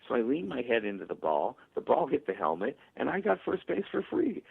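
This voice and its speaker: A male author telling stories and acting out parents' voices in a radio interview, with a husky, gravelly voice. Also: mid-range voice, wildly swooping pitch, brisk. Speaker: author guest. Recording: tinny phone line.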